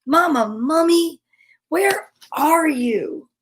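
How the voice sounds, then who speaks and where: Woman doing a little baby mummy, timid and high, drawn-out slow calls. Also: lively intonation, a little hiss or hum, full character voice. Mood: timid calling.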